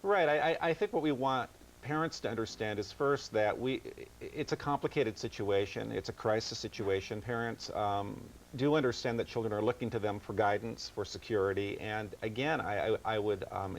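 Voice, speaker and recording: A man's voice: on the low side, slight background noise, poor audio. A man guesting on a TV news interview as an author, speaking earnestly with frequent stammered restarts. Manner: earnest, halting, many restarts.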